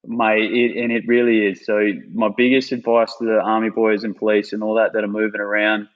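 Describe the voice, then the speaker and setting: A man's voice: fairly low pitch, highs cut off. A man with an Australian accent chatting casually as a podcast guest, laid-back, swearing freely and saying "mate" a lot. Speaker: guest, former army sniper.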